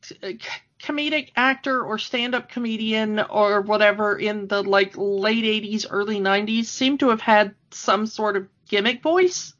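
A woman's voice: mid-range voice, moderate pace, a bit bright. A woman in her thirties co-hosting a podcast, chatting casually and laughing often. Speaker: podcast co-host. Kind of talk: casual chat. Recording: dull lo-fi sound.

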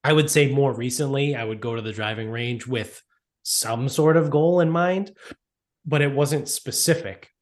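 A man's voice: mid-range voice, moderate pace. A man co-hosting a golf podcast, talking in a rambling, casual way with lots of fillers and swearing. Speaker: podcast co-host. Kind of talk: casual chat.

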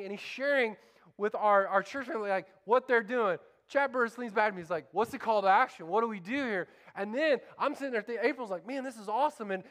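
Pastor, male, higher-pitched voice, fervent call-and-response sermon delivery. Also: fairly bright tone.

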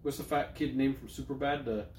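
A young man co-hosting a podcast, telling loose, profane stories with plenty of jokes. His voice sits at an ordinary pitch. The room gives it a roomy echo. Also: steady tone, a little fast, darkish tone, slight background noise. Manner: loose, profane, joking storyteller. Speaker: podcast co-host. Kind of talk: casual chat. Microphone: studio microphone.

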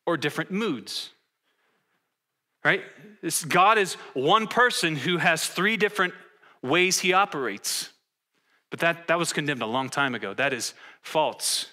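A man preaching with a very bright, forceful tone, drawing his congregation in with questions. His pitch sits a touch high for a man, and his delivery stays lively and interactive. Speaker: pastor. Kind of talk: interactive sermon teaching.

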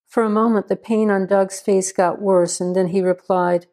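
A woman narrates a crime story in a steady, even reading voice. Her tone is mellow and warm, never sharp, and she sits at a middling pitch. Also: normal speed, hardly any pauses.

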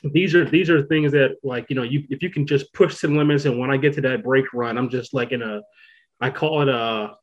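A man hosting a podcast in casual chat, talking in an excitable, rambling way, full of "like" and "you know.". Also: mid-range voice, a little fast, lo-fi sound. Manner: rambling, excitable, many fillers. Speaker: podcast host.

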